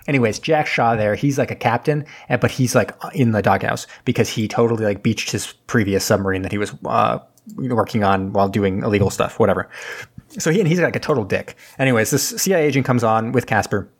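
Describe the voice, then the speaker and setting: A man's voice: medium pitch, fast talker. A man casually recapping a movie plot on a podcast, rambling with lots of fillers and losing his thread. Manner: rambling, filler-heavy, loses his train of thought.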